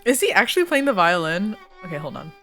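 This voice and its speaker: A woman's voice: mid-range voice, sing-song, fast talker, a bit bright. A woman streaming a game, reacting casually with swearing and lots of laughter. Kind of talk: casual game let's play. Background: violin game music.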